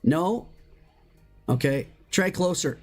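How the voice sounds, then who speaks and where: A game streamer talking live over gameplay, drawling along at an unhurried pace with slangy, excitable chatter. Sudden high shouts and exclamations break through the talk. Faint music plays quietly behind the voice. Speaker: Minecraft streamer.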